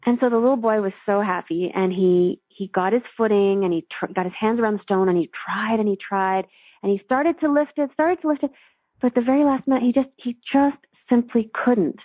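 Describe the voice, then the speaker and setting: A woman's voice: fairly high pitch, no room sound. A woman spiritual teacher telling a story and leading a guided meditation, speaking earnestly and soothingly over a phone line. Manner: earnest, soothing, slow when guiding. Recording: tinny phone line, dry.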